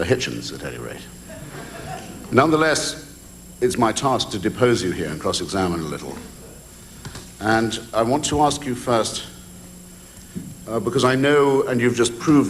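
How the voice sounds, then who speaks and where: A man's voice: lowish voice, a little hiss or hum. An Englishman cross-examining an opponent in a debate in a public hall, wry and ironic, with hesitant ums. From England.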